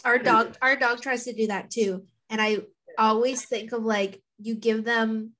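Higher-voiced woman co-hosting a podcast, rambly, says like a lot. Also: steady tone, measured pace, sharp tone. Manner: rambling, heavy use of "like". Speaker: podcast co-host. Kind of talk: casual chat.

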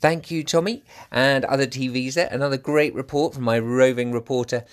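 A man hosting a school radio show, upbeat and brisk as he announces the items. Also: medium pitch, steady tone.

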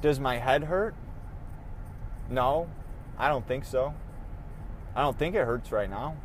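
A man's voice: medium pitch, expressive, slow pace, noisy background. A young man hosting his own podcast, talking casually in a rambling, self-deprecating way with easy swearing. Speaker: podcast host. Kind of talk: casual solo podcast monologue.

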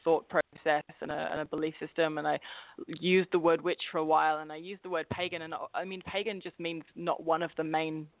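Gravelly English woman with an Australian twang. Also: sits low, a little fast. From England. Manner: expressive, laughs often. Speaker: guest. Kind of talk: casual interview chat. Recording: tinny phone line.

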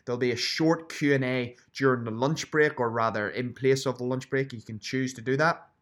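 A man's voice: mid-range voice, fairly even intonation, moderate pace. A man hosting a solo podcast, running through upcoming events in a chatty, promotional way and stressing dates and places. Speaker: podcast host and fitness instructor.

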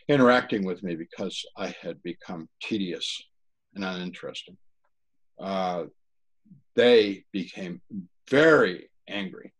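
A man giving an earnest personal testimony in an interview, talking haltingly with frequent restarts. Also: lowish voice, rough recording. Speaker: interview guest.

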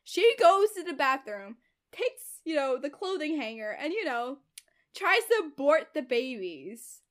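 A woman's voice: high voice, big pitch swings, measured pace. A young woman in casual chat, retelling a story animatedly with lots of fillers and giggles.

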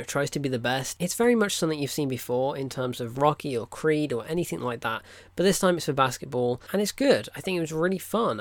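A man's voice: medium pitch, no echo. A man reviewing films in a casual, rambling vlog, full of "look" and "right?" asides. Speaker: film reviewer. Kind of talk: casual weekly film diary vlog.

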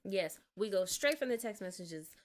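A woman co-hosting a casual movie recap, blunt and slangy, quick to call characters names. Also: medium pitch, lively intonation. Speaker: podcast co-host.

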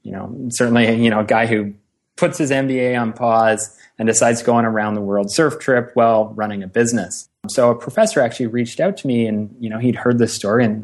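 A young man with a fairly low voice speaks as an interview guest. He tells his story in an easygoing, conversational way. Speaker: startup employee guest. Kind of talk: casual interview talk.

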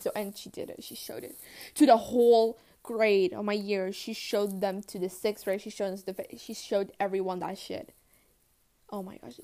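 A teenage girl telling casual storytime anecdotes, chatty and quick to swear and laugh, with lots of "like". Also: mid-range voice, fairly even intonation, a little mellow. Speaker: vlogger.

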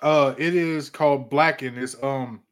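A man's voice: mid-range voice, fairly even intonation, a little slow, a crowd in the background. A man co-hosting a podcast, bantering and laughing easily in casual chat. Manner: giggly, joking banter. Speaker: podcast co-host.

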